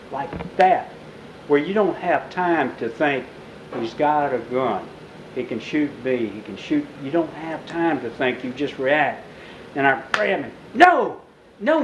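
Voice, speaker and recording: A man speaking as an author at a bookstore talk, telling a story vividly to a live audience and acting out the shouted lines. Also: a little high, reverberant, highs cut off, slight background noise. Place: bookstore event room.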